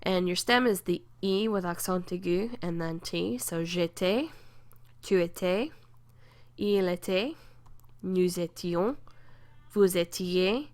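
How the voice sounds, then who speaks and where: A woman teaching a French grammar lesson, explaining rules patiently and slowly drilling verb conjugations. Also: lowish voice, darkish tone.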